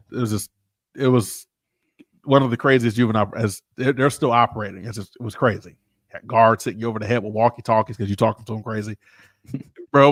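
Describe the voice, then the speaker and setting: A man and pastor telling a personal story casually, animated and informal, acting out the people he quotes. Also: mid-range voice, no room sound, clean studio sound.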